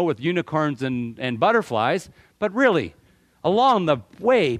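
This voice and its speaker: Animated man giving a joking talk. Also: a little high, no room sound. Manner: animated, joking, repeats words and restarts. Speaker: motivational speaker. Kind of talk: talk to a live audience.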